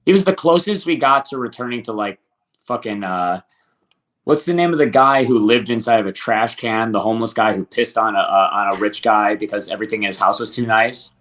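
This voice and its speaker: A man's voice: fairly low pitch, fairly quick, fairly bright tone. A man hosting a casual stream chat, crude and profane, joking often. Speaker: streamer host.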